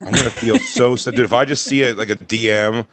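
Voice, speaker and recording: A man's voice: medium pitch, steady tone, fairly quick, a loud crowd. A man co-hosting a comedy podcast, roasting his friends and swearing freely in casual banter. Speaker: podcast co-host.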